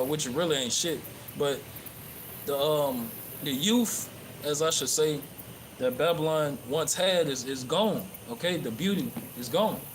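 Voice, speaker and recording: A man with a slightly high voice preaching off the cuff outside in a park, swearing freely and stumbling through fillers and restarts. Clear outdoor noise runs under his voice. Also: poor audio. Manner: profane, rambling with many fillers and restarts. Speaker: religious livestreamer. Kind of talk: casual street preaching.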